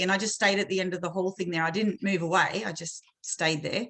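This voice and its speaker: A woman's voice: on the low side, fairly even intonation, brisk, few pauses, a bit bright, rough recording. A woman chatting candidly as a coaching client, talkative and self-deprecating, often laughing. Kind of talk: candid personal chat.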